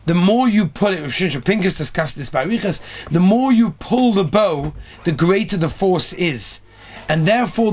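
A man, a rabbi, giving an earnest sermon on prayer, telling stories and building emphasis. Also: sits high.

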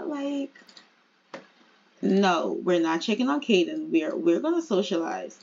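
A woman giving chatty, excitable commentary as she plays a life-simulation game. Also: medium pitch, unhurried, long pauses, breathy edge, dull audio. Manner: chatty, excitable, laughing asides. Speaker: gaming creator. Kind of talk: casual gameplay commentary.

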